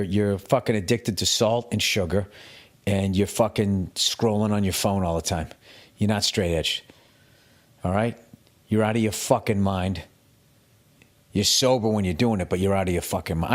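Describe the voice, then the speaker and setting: A man with a lowish voice, talking alone into a mic as a podcast host. He rants in a profane, self-mocking way and keeps it comic. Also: normal speed, pauses often. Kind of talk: solo comedic podcast rant.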